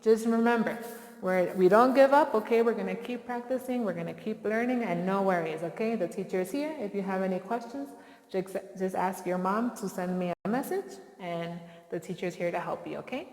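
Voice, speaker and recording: A woman's voice: mid-range voice, a little fast, a little mellow. Encouraging woman teacher in a reverberant room. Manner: encouraging, call-and-response prompts. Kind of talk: phonics lesson for young children. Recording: roomy with long reverb.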